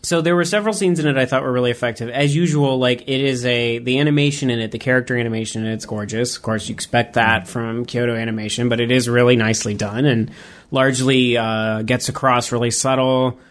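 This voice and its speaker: A man in casual conversation, reviewing a film with blunt, opinionated energy. His pitch sits in an ordinary middle range. When he retells scenes, he slips into lively acted-out quotes. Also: fast talker. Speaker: podcast co-host.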